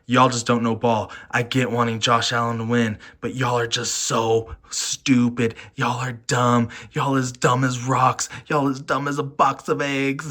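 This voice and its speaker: Brash profane football fan ranting. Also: male voice, medium pitch, fairly even intonation, moderate pace, fairly bright tone. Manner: brash, mocking, profane trash talk. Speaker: sports commentator. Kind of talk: heated sports reaction rant.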